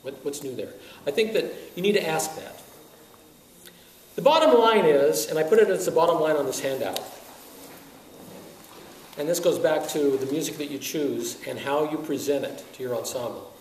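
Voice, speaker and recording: Animated male band clinician, echoey distant room. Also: on the high side, normal speed, pauses often. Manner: animated, asks many rhetorical questions; chuckles often. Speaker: wind band conductor giving a clinic. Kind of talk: lecture to music teachers. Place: lecture room at a teaching workshop. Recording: echoey room, heard from a distance, faint hiss.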